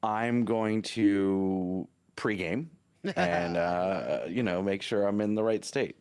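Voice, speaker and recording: Guy on a podcast, lowish voice, dry wisecracks, very dry mic. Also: takes it slowly, a little mellow, clear, resonant tone, no room sound. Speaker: podcast co-host. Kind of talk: casual podcast chat.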